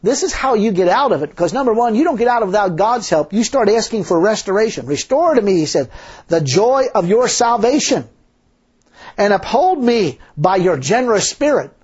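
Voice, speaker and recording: A man's voice: high-pitched, sing-song, fairly quick, darkish tone, slightly rough. A man preaching a sermon in a folksy, emphatic way, full of rhetorical questions. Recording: dull lo-fi sermon recording.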